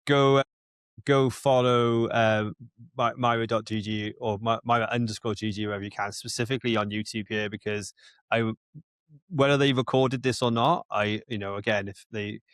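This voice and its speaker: A man's voice: fairly low pitch, steady tone, normal speed, a bit bright, clean tone, no echo. A man co-hosting a casual podcast, rambling, with lots of restarts. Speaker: podcast co-host.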